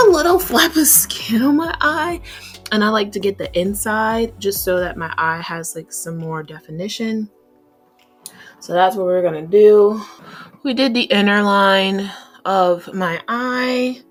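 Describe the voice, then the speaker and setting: A woman's voice: fairly low pitch, breathy edge. A young woman chatting casually while doing her makeup, rambling with plenty of fillers. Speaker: beauty vlogger.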